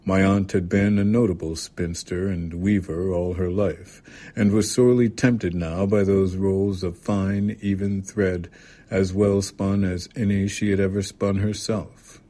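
Deep-voiced man reading a story. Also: fairly even intonation, a little slow, warm tone. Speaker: reader. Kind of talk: reading a literary short story aloud.

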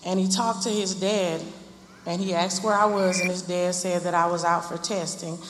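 A woman's voice: on the low side, little pitch movement, moderate pace. A woman earnestly recounting memories of her son as personal testimony, often repeating phrases. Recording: echoey hall with loud noise.

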